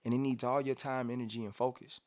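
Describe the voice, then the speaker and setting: A man's voice: mid-range voice, fast talker. A man in his thirties from Cincinnati, a rapper telling stories casually in a studio interview, acting out quotes and humming beats. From Cincinnati, USA. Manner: animated storyteller, acts out quotes, hums beats. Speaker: rapper guest.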